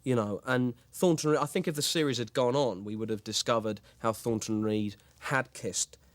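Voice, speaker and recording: A man's voice: mid-range voice, moderate pace, no room sound, close to an everyday voice. A man acting out a grandiose male horror writer, speaking with lofty self-importance and tripping into restarts. His voice sits mid-range and is recorded dry and close, with no room around it. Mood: self-important. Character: pompous self-serious male horror author. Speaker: writer and lead actor being interviewed. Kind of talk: mock documentary interview.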